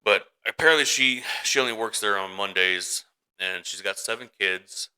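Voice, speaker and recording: A man's voice: fairly low pitch, moderate pace, pushed and bright, smooth, low-quality recording. A man co-hosting a casual podcast who tells a rambling story as a worried father, with many restarts and acted-out quotes. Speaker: podcast co-host. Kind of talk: casual chat.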